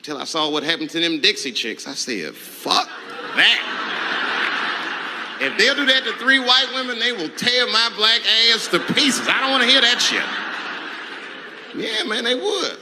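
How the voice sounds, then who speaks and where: Animated high-voiced male stand-up comic. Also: unhurried, pauses often. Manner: profane, animated, leaps between muttering and shouting. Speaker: stand-up comedian. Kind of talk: stand-up storytelling. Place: live comedy stage. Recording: noisy live stage recording.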